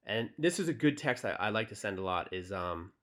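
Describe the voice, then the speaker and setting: Speaking a little fast in a lowish voice, this young male dating coach keeps things relaxed and direct. His casual tutorial is packed with fillers, and he reads text messages out loud.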